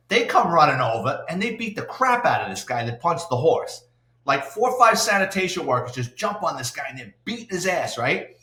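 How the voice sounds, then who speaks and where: Older new guy, ex cop telling wild stories, bright forceful voice, echoey room. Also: fairly high pitch. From New York City. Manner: salty, animated anecdote-telling with acted-out quotes. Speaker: retired police detective, guest. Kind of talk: storytelling interview. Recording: roomy echo.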